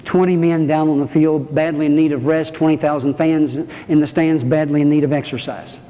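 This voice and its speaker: A man's voice: a little high, little pitch movement, a little fast. A male pastor preaching a sermon in church, folksy and joking, calling out to his congregation. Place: church sanctuary. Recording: muffled, reverberant church recording.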